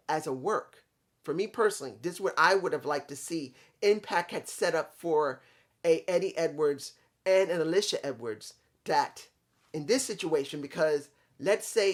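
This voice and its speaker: A man giving a casual, rambling spoken review of a wrestling show, talking straight to his viewers. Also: on the high side.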